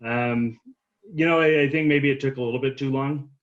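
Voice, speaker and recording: A man's voice: mid-range voice, fairly even intonation, moderate pace. A man on a panel who teaches officials, talking in a thoughtful, hedging way over a video call. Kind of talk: casual panel discussion. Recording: dull lo-fi call audio.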